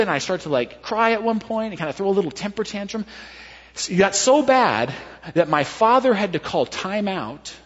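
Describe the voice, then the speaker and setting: Husky male pastor in a reverberant hall. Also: on the high side. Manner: animated, self-deprecating, dropping to hushed tones for serious moments. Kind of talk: sermon storytelling. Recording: dull lo-fi sound with long hall reverb.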